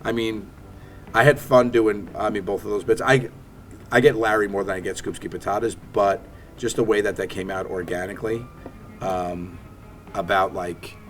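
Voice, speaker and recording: Guesting on a laid-back interview, a Staten Island comedian spins animated stories, performing the quotes as he goes. He speaks at normal speed in a fairly low voice.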